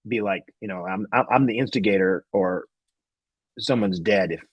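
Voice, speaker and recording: A man's voice: lowish voice, moderate pace, husky, no echo, highs cut off. A man, a guest magician, telling a rambling anecdote in casual chat, laughing often and restarting sentences.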